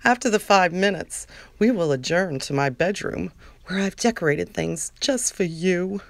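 A woman's voice: on the low side, animated, a little slow, no room sound. A woman putting on a crude, bossy man. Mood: smug, bossy. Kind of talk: comic reading of a fan-written scene.

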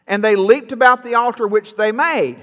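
A man's voice: very high voice, moderate pace, fairly bright tone, in a large hall. A man preaching a sermon to his congregation, folksy and playful, teasing the people in the pews. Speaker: pastor. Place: church sanctuary.

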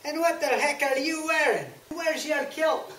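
Woman as slow-talking, bossy Scottish sister, put-on accent, echoey hall from far off. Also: high-pitched, a bit bright. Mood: taunting. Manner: taunting and scolding.

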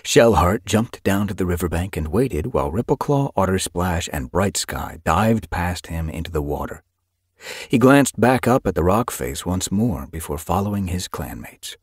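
A man narrating an audiobook with expressive storytelling. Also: low voice, normal speed, slightly rough, dry recording, studio quality. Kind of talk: scripted narration.

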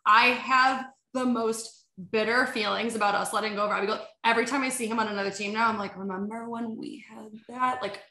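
A woman's voice: a little high, fairly even intonation, fast, hardly any pauses, bright, forceful tone. A woman guesting on a podcast, telling stories animatedly with lots of fillers and acted-out quotes. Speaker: podcast guest, sports agency head. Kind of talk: casual chat. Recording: roomy echo.

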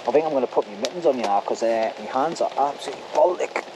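A man's voice: mid-range voice, lively intonation, racing, background noise. A middle-aged man, chatting jokily to a handheld camera outdoors at a wild camp, using dialect slang. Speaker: vlogger on a camping trip. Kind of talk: casual outdoor chat to camera. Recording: outdoor camera audio with loud rain.

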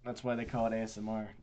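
A man's voice: on the low side, a little mellow, slight background noise. A man co-hosting a podcast in casual chat, teasing his friends and laughing often. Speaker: podcast co-host.

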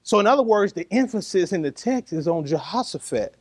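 A man preaching a sermon, animated and lively, laughing and calling the congregation to answer back. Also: high voice, fairly quick, slightly rough.

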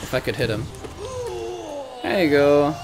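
A man streaming a platform game, chatting casually, excitable and quick to swear and laugh. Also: a little high, music in the background. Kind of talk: casual gameplay commentary.

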